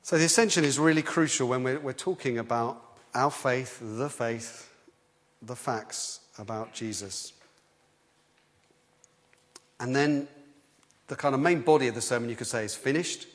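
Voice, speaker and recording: A man preaching a sermon in a lively, conversational way, often restarting his sentences. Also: medium pitch, unhurried, pauses often. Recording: long hall reverb.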